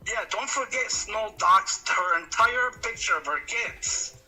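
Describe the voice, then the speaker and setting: A man's voice: high-pitched, lively intonation, unhurried, bright, forceful tone, soft background music, low-quality recording. A man ranting accusingly on a livestream that is played back. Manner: accusatory, emphatic.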